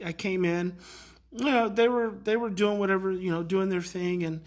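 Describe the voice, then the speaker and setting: A middle-aged man, a parenting educator, tells a story in a casual, animated way and lets his voice rise to act out the kids' outbursts. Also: high voice, normal speed. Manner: animated, acts out kids' outbursts, many fillers.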